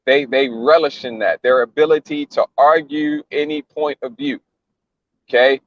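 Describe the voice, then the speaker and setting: A man's voice: on the high side, normal speed, no room sound, highs cut off. A man giving casual religious commentary in a blunt, mocking, slangy way, often repeating himself. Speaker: commentator reacting to a news clip.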